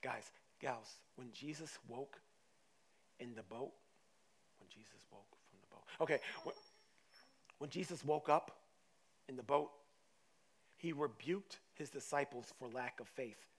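A man preaching a sermon to his church, telling a story in lively, casual words that swing from loud to hushed. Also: mid-range voice, unhurried, long pauses. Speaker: pastor.

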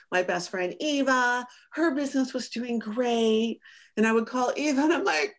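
In a relaxed interview, a female business coach recounts something from her own life at a normal pace, her voice on the high side. She keeps it lively, playing out the lines she once said and breaking into laughter.

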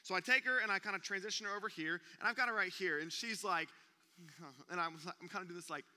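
A young man preaching, an animated storyteller who acts out gasps and sounds during a comic story, speaking in a church auditorium. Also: high voice, fairly quick. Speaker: youth pastor. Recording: long reverb of a church hall.

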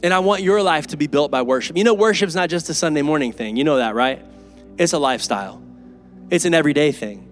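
A pastor preaching an earnest, emphatic and conversational sermon in a church. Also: male voice, fairly high pitch, expressive, fast, faint music behind. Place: church sanctuary.

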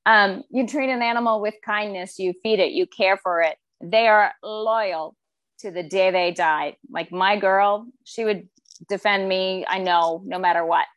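Lively woman telling animal stories. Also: medium pitch, a little slow, no room sound. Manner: animated storyteller, acts out quoted voices. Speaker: podcast guest. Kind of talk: casual conversation.

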